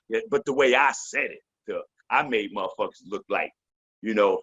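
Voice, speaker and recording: A man's voice: medium pitch, expressive, a little fast, pushed and bright, breathy edge. A man in his fifties, a veteran MC guest in a casual interview, telling loose, profane stories and slipping into the voices of the people he quotes.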